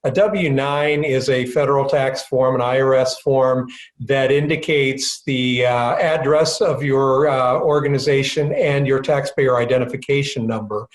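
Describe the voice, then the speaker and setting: A man's voice: medium pitch, fairly even intonation, a little slow. A man presenting a county grant webinar as its director, talking loosely with many uh's and um's. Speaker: county economic development director. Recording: roomy echo.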